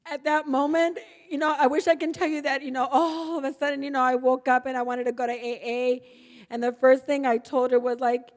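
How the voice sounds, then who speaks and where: A woman's voice: sits high, fairly even intonation, fairly quick. A middle-aged woman from Texas telling a candid recovery story at an AA gathering, acting out the dialogue as she goes. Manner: candid storytelling, acts out dialogue, laughs often. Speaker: AA speaker. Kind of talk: personal recovery talk. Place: large meeting hall. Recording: reverberant hall.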